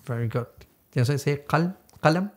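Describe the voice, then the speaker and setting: Patient male host of a kids' lesson show, slightly high voice, drills sounds. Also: normal speed, darkish tone. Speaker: teacher. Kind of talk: children's puppet show lesson.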